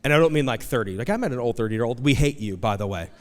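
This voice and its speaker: Animated pastor preaching in an echoing hall. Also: male voice, mid-range voice, quick pace. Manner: conversational and animated, acting out quoted voices. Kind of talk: sermon. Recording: long hall reverb.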